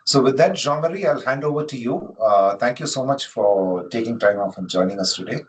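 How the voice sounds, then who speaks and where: Male webinar host, measured and filler-heavy, faint hiss on the call. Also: mid-range voice, animated, rough recording. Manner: slow, many "uh" fillers. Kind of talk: webinar introduction. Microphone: video call.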